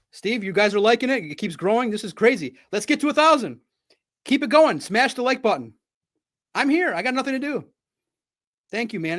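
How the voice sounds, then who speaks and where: A man hosting a live sports stream, talking in an excitable, rambling, chatty way from a home studio. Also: sits high.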